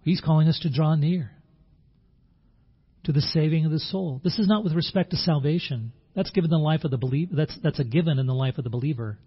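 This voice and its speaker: Husky male pastor preaching. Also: on the high side, brisk. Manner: earnest, with repeated words and restarts. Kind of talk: sermon. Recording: dull lo-fi sound.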